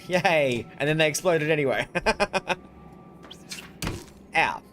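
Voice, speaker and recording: A man plays through a strategy game on stream, chatting wryly to viewers. His pitch rolls lively up and down, with faint music playing underneath. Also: normal speed. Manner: chatty, wry, laughs often. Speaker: gaming streamer. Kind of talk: casual let's-play commentary.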